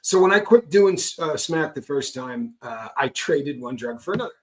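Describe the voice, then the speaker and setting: A man's voice: on the high side, lively intonation, moderate pace. A middle-aged man talking frankly about recovery, emphatic and prone to tagging points with "right?". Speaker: guest speaker on recovery. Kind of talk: candid conversational talk.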